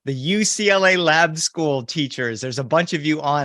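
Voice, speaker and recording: A middle-aged man telling stories to children over a video call, lively and animated. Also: high-pitched, normal speed, hardly any pauses, no echo, clean studio sound. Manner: lively, animated, greets the audience. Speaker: children's storyteller.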